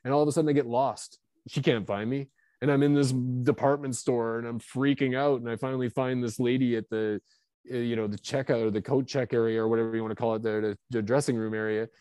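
A man in his fifties with a warm, mellow voice tells stories from his own life, animated and confessional, full of fillers and quick restarts. The sound is dry and close, with no room echo. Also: medium pitch, clear, resonant tone. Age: 50s. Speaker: guest author. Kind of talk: candid storytelling.

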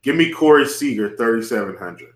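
A man's voice: mid-range voice, animated, brisk. A man co-hosting a casual sports podcast, laid-back, with hesitant restarts. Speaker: podcast co-host. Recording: echoey room.

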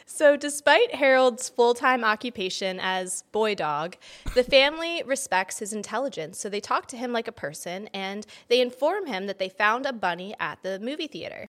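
A woman's voice: on the high side, lively intonation, moderate pace, fairly bright tone. A woman co-hosting a podcast in casual chat, with a dry, teasing way of talking. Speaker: podcast co-host.

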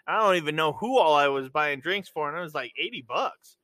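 A man's voice: a little high, animated, fairly quick, pushed and bright, no room sound. A man in a casual chat, joking at his own expense and laughing easily. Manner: self-deprecating, laughs easily.

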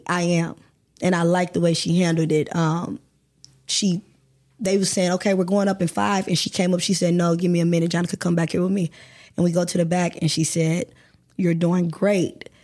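A woman's voice: fairly low pitch, level tone, normal speed, darkish tone. A woman guest on a podcast, telling a personal story candidly and emotionally, with some swearing. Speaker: guest actor.

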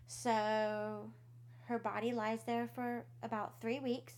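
A woman's voice: fairly high pitch, little pitch movement, takes it slowly. A woman, co-hosting a podcast and casually telling a creepy folk tale, acting out the characters' lines and swearing now and then. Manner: laughs often, swears casually, acts out quotes. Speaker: podcast co-host. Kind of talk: casual storytelling chat.

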